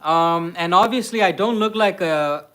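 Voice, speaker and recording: A man from Mexico hosts a casual livestream and talks in a relaxed, storytelling way. He rambles through anecdotes with his partner and now and then drops into Spanish. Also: sits high, normal speed. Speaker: livestream host.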